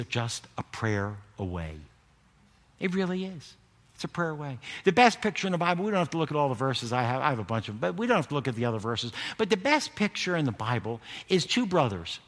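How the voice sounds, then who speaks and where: An older male pastor delivers a sermon in an animated, swooping voice that sits a little high for a man. He breaks into loud bursts and acts out the people in his stories. The sound carries the long reverb of a large hall. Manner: animated preaching, acting out quotes with sudden shouted bursts.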